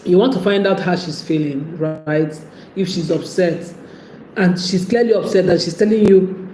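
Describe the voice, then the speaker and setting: An unhurried woman with a lowish, dark-toned voice talks through casual relationship advice, laughing often and acting out a partner's likely words. The recording sits in an echoey room with faint background noise.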